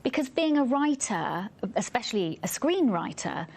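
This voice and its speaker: A woman's voice: fairly high pitch, very animated, normal speed, a little mellow. A woman interviewing a guest on stage, engaged and often finishing his sentences. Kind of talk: conversational interview. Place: on stage at a live festival event.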